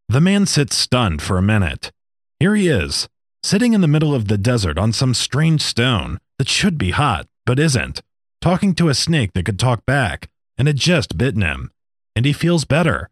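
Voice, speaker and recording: A man narrating a story in a measured storytelling manner. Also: medium pitch, wildly swooping pitch, no room sound, studio quality. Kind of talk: audiobook narration.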